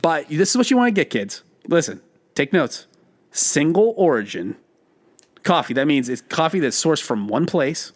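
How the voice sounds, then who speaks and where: A man co-hosting a podcast, talking in casual banter, emphatic and quick to laugh. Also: fairly high pitch. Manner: animated and emphatic, laughs often. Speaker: podcast co-host.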